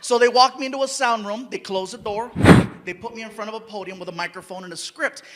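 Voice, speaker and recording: A male stand-up comedian telling stories on stage, animated and loud, slipping into playful voices and sound effects. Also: high-pitched, quick pace. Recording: live stage recording with noise.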